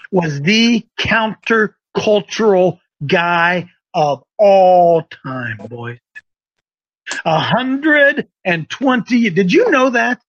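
Emphatic high-voiced folksy male preacher. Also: no echo, lo-fi sound. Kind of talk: sermon.

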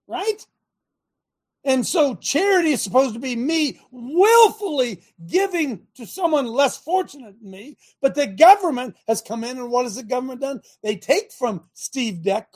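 A male talk show host who preaches more than he chats, putting rhetorical questions to his listeners and mocking what he opposes. His voice is husky and breathy, and his pitch leaps up and down as he drives each point home. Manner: animated, sermonizing, mocking, asks the audience questions.

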